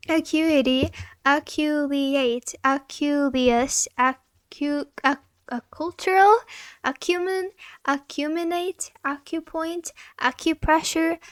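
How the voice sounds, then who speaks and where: A woman's voice: high-pitched, fairly even intonation, slow pace, no room sound. A woman who streams as a vtuber, reading dictionary entries aloud one after another and giggling as she stumbles over hard words.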